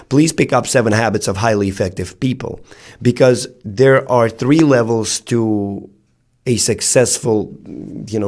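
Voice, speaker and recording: A man's voice: lowish voice, a little mellow. A man in his thirties, a self-help speaker, giving an earnest motivational talk and addressing his listeners directly.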